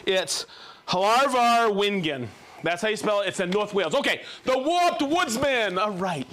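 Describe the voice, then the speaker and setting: A man's voice: high-pitched, lively intonation, moderate pace, fairly bright tone. A man hosting a live show, reading out viewers' names and hometowns in a jokey, upbeat way. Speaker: livestream host.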